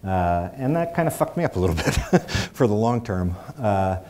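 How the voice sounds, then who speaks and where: A man's voice: on the low side, sing-song, normal speed, mellow. A middle-aged man telling a personal story in a public talk, with wry, self-deprecating humor. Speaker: speaker.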